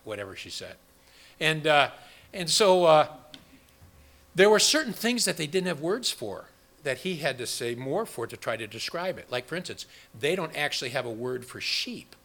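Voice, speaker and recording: A man's voice: a little high, big pitch swings, moderate pace, a bit bright. A man preaching an interactive Bible study sermon, rambling with restarts and quizzing his congregation with questions.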